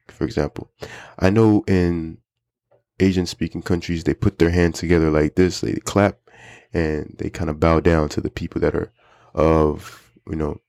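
A deep-voiced man talks through everyday phrases for English learners in a relaxed podcast style. He repeats key phrases so listeners can follow along. The recording is dry and close, with little room sound. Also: dry recording. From United States. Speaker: podcast host teaching English. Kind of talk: casual teaching chat.

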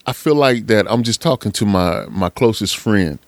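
A man's voice: on the low side, moderate pace, dry recording. A man giving a casual, preachy motivational talk in slangy speech, often calling the listener man. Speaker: motivational speaker.

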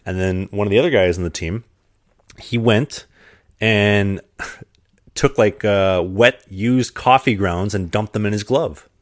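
A young man telling stories in a relaxed, rambling way during a casual chat, laughing along with his own tales. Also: on the low side, unhurried, no room sound, studio quality. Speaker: podcast host, hockey player.

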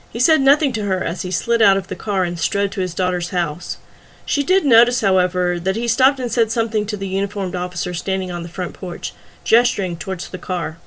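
Brief: female audiobook narrator, steady scripted storytelling, mid-pitched.

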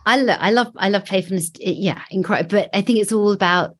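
A woman's voice: mid-range voice, fast, husky. A woman on a book panel, thinking aloud in a reflective way. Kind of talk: casual chat.

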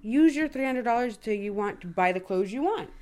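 A woman's voice: a little high, a little fast, over a noisy crowd. A woman in her thirties co-hosting a podcast, chatting casually and telling stories, swearing freely. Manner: swears freely, animated storytelling. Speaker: podcast co-host. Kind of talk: casual chat.

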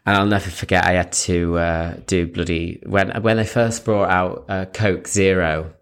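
A woman's voice: rumbling low, fairly even intonation, normal speed, smooth. A woman in her thirties co-hosting a casual chat, swearing freely and acting out the people in her stories. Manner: swears freely, acts out quoted people in storytelling. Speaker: podcast co-host.

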